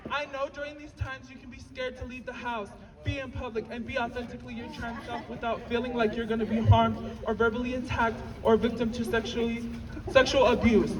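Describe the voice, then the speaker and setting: A woman in her twenties from Utah giving an emotional rally speech, at times tearful and shouting to the crowd. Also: fairly high pitch, flat delivery, a little fast. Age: 20s. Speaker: rally speaker. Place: outdoor rally in a city. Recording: distant outdoor rally recording with crowd and echo. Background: crowd noise.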